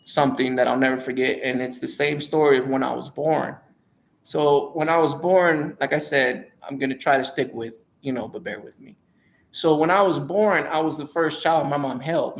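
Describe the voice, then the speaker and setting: A man's voice: mid-range voice, gravelly. A man casually telling his own life story in a rambling, hesitant way, often repeating and correcting himself.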